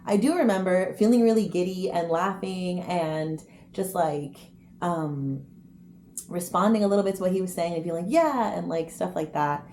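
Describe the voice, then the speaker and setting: A young woman telling a story casually to camera, chatty and animated, with quick asides. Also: lowish voice. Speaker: vlogger. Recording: echoey room, faint noise.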